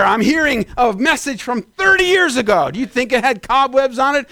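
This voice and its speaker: Male preacher, high voice, very animated pitch, shouted peaks, fast asides. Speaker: pastor. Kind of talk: sermon.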